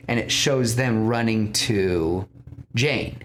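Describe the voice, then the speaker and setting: A man with a fairly low voice chats casually on a podcast, retelling a movie in a rambling way, starting over and acting out bits of dialogue. A faint hiss of background noise sits under the recording. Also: a little slow. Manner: rambling retelling with restarts and quoted lines. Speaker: podcast host pitching a film.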